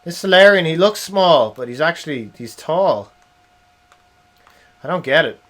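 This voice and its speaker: A young man talks through his game stream in a slightly high voice. He chats casually with his viewers, swears freely and yells at the screen when a fight goes wrong. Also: lively intonation, unhurried. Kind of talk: casual live-stream commentary.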